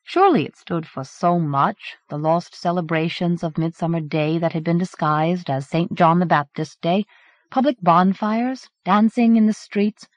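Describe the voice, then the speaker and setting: A woman's voice: fairly low pitch, normal speed, dry recording. A woman narrating a horror novel as an audiobook, from a dull 1980s cassette recording. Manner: expressive storytelling. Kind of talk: scripted narration.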